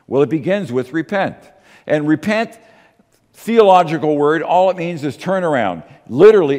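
A man's voice: medium pitch, big pitch swings, a little mellow. Emphatic male preacher in a reverberant hall. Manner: emphatic, with rhetorical questions and slow stressed words. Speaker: pastor. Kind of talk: sermon.

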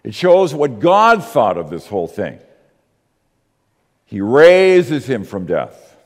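Male pastor, sermon delivery, animated intonation, emphatic and questioning. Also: medium pitch, big-room sound. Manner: emphatic, with rhetorical questions and slow stressed words.

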